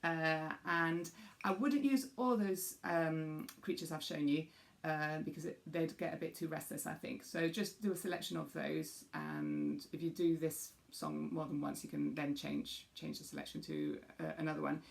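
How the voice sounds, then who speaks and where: A woman's voice: low voice, normal speed, vocal fry. A woman music teacher patiently explaining a rhythm game for young children and demonstrating the beats aloud.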